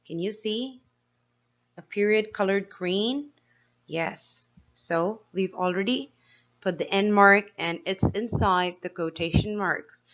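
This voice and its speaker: A woman teacher giving a slow, clear grammar lesson to young pupils, asking them questions as she explains each step. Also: mid-range voice, fairly bright tone, dull audio. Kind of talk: grade-school grammar lesson.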